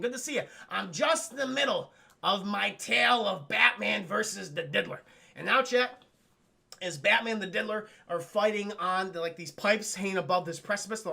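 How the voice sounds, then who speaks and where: A man hosting a live stream, retelling a cartoon episode to his chat in a rambling, profane, animated way. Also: sits high, fairly quick, gravelly. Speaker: livestream host reviewing cartoons. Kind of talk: casual streamed recap with chat.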